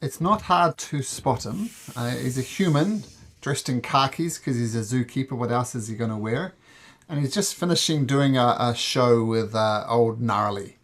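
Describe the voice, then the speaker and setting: A relaxed game master describing the scene and calling for rolls. His tone is wry and easygoing, with a mid-range voice. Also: mid-range voice, moderate pace. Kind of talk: narrating a tabletop game.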